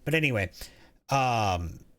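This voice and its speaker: A man's voice: mid-range voice, expressive, takes it slowly, fairly bright tone. A man streaming a game, chatting casually in a rambling way, reading chat aloud and often restarting his sentences.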